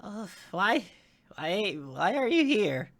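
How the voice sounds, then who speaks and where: A man's voice: high voice, big pitch swings, takes it slowly, fairly bright tone, pitched above the performer's own voice, full character voice. A man doing a haughty sickly cultist woman. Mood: scornful. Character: sickly thin cultist woman, cold and scornful.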